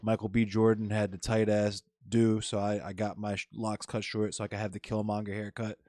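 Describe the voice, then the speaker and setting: A laid-back man swaps stories on a streamed panel. His voice sits slightly low, and his slangy telling is recorded close and dry, with no room around it. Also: little pitch movement, a little fast, dark tone, no echo. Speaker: panel guest. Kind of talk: casual storytelling chat.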